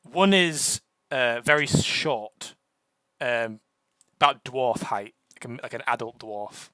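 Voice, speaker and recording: Bright-voiced game master, halting. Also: male voice, mid-range voice, expressive, smooth, dry recording. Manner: halting, many fillers and restarts. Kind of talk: narrating a tabletop game.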